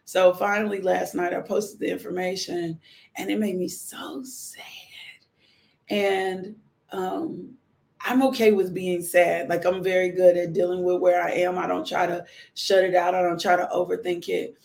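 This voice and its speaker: A woman's voice: lowish voice, level tone, moderate pace, vocal fry, darkish tone. A middle-aged woman hosting a live stream, talking in a heartfelt, rambling way and repeating herself. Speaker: livestream host, widowed mother. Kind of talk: casual live-stream chat.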